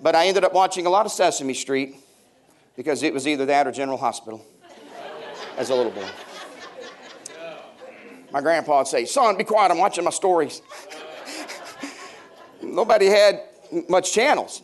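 A pastor in his fifties preaches with a voice pitched a little higher than most men's. He jokes his way through stories and calls out questions to his congregation. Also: expressive, moderate pace, long pauses, some chatter behind. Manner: humorous, storytelling, banters with the congregation. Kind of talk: sermon. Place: church before a congregation.

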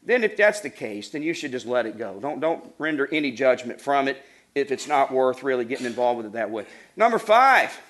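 A man's voice: medium pitch, brisk. A middle-aged man preaching a sermon, telling funny stories and then laying out numbered points. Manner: animated, acts out voices, laughs while telling stories. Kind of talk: sermon with humorous storytelling.

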